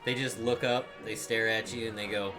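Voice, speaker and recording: Bright-voiced man running a tabletop game. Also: on the low side, level tone, moderate pace, faint music behind. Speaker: game master.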